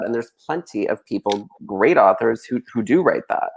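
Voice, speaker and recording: A man's voice: medium pitch, moderate pace, gravelly. A young man, a guest author, chatting and joking loosely with many fillers over a video call. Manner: lively, joking, full of fillers. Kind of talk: casual livestream chat.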